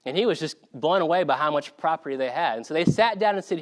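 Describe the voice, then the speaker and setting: A preacher from South Carolina delivers a sermon with animated storytelling. His voice sits high for a man and swings widely in pitch, which keeps the delivery lively. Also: racing, few pauses.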